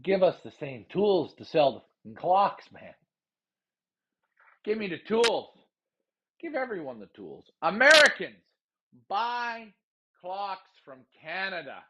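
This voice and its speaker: A man hosting a pigeon racing show, ranting heatedly with lots of profanity and repetition, then calmly explaining how he handles his birds. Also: a little high, unhurried, pauses often, breathy edge, lo-fi sound. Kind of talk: casual livestream talk.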